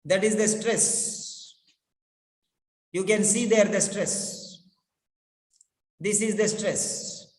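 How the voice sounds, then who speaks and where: Male pronunciation teacher, slow and high-pitched, drilling words by repetition, long echoing reverb. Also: steady tone, a little mellow. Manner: deliberate, repeats words over and over to drill them. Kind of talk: classroom lecture with repetition drills. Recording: echoey room with long reverb.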